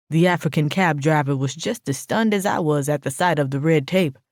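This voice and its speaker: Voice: medium pitch, brisk, few pauses, no room sound, studio quality. An audiobook narrator reading a first-person story in a brash, sassy, profane voice.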